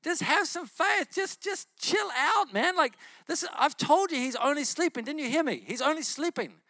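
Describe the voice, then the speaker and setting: A preacher acting out a laid-back man who coaxes and reassures a crowd in a slangy, excited way. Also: very high voice, moderate pace, no echo, studio quality, voice pushed up, full character voice. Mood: breezy, coaxing.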